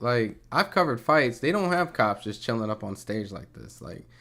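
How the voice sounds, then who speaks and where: A man's voice: mid-range voice, sing-song, a little slow, hardly any pauses, pushed and bright. A man hosting a live commentary stream, talking loosely and casually, with some swearing.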